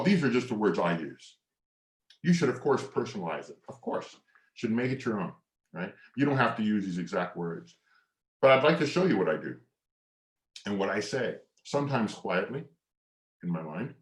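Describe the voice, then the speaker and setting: A man's voice: on the low side, roomy sound. A middle-aged man presenting a motivational masterclass, talking earnestly and reflectively about mindset. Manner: earnest, slow and reflective, drops to near whisper on mantras; leads hand exercises with lively coaching cues. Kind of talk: motivational teaching talk.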